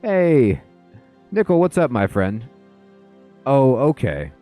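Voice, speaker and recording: A man's voice: mid-range voice, huge pitch swings, slow, mellow, faint music behind. A man doing casual live commentary on a game, chatty and rambling, greeting viewers as he plays. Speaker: let's play streamer.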